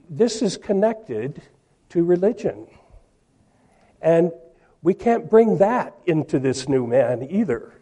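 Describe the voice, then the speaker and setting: A male preacher delivering a sermon at a slow, deliberate pace. His voice sits a little high for a man, yet it sounds mellow and soft. He reads scripture aloud and leans hard on the words he wants to stress.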